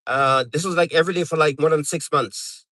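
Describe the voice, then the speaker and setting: A man's voice: fairly high pitch, fairly even intonation, fairly quick, sharp tone, no room sound, low-quality recording. Chatty middle-aged man on a live stream. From Canada. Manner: rambling, chatty, many fillers and restarts. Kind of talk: casual live stream chat.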